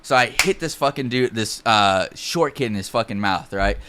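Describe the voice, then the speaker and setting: A young man tells a long, loose story into a close podcast microphone, stacking fillers and cursing freely. His voice is of middle pitch and sounds dry, with no room around it. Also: moderate pace, sharp tone, no room sound. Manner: rambling, heavy fillers and profanity. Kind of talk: casual storytelling.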